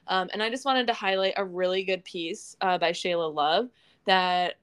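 A young woman with a Midwestern accent, co-hosting a science podcast in relaxed, self-amused casual talk. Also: lowish voice, normal speed, clear, resonant tone. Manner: relaxed, laughs at herself, fillers. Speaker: podcast co-host. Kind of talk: casual chat, reading show updates.

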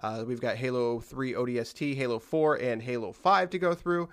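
Male podcast host, mid pitch, rambling casual delivery full of restarts. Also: moderate pace, smooth. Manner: rambling, with frequent restarts and trailing-off asides.

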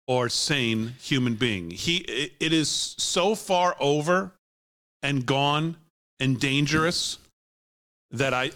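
A man's voice: medium pitch, bright, forceful tone. A man hosting a talk show, giving heated, scornful political commentary and laughing often.

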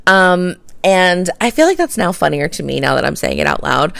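Female podcast host, gravelly edge, close and dry, rambling chatty storyteller with lots of fillers. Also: on the low side, expressive, normal speed, fairly bright tone, no room sound. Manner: chatty, filler-heavy, laughs while telling a story. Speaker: realtor. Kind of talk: casual storytelling monologue.

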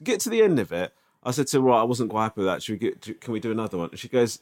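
A man with a lively, bouncing pitch, recounting an anecdote in loose, profane podcast chat. He keeps checking in with his listener as he talks. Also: racing. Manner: animated, swearing, tag questions. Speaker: podcast co-host. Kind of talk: casual storytelling chat.

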